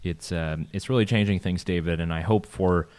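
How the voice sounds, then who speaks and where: Low-voiced man, chatty co-host. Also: moderate pace, darkish tone, smooth. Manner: chatty, laughs often, many fillers and restarts. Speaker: podcast co-host. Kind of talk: casual conversation. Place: Vienna, Austria.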